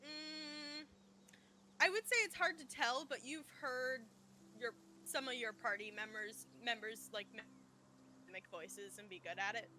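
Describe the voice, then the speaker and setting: A woman's voice: fairly high pitch, a little slow, bright, forceful tone, slight background noise. A woman running a tabletop game as game master, asking players for rolls and laughing often.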